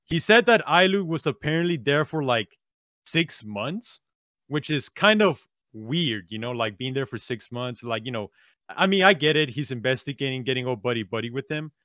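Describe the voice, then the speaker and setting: Bright, animated male storyteller. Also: mid-range voice, normal speed, no room sound, studio quality. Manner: animated storyteller, tags lines with "right?". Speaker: podcast co-host. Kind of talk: casual podcast discussion.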